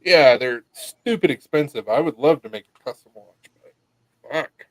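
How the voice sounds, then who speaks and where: A man's voice: fairly high pitch, expressive, moderate pace, dry recording, poor audio. Laid-back swearing man, dry close sound. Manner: laid-back storyteller, swears, laughs often. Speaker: podcast co-host. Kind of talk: casual chat.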